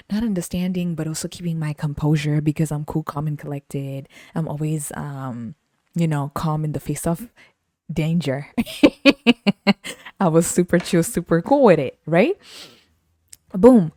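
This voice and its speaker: A woman telling a casual story as a podcast host, animated and slangy, laughing often. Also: low-pitched, a little slow, dry recording, clean studio sound.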